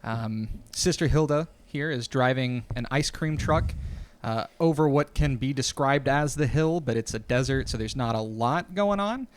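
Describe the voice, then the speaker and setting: A man runs a tabletop game, narrating scenes in a loose, casual way full of ums and uhs. His voice sits at a middle pitch, with faint noise in the background. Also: moderate pace, hardly any pauses. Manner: casual, filler-heavy narration. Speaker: game master.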